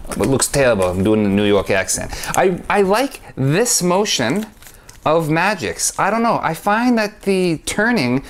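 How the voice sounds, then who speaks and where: A man who performs magic, talking casually to camera about a trick he likes, rambling and correcting himself as he goes. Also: a little high. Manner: rambling, stop-start, self-correcting; enthusiastic. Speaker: magician reviewing his own trick.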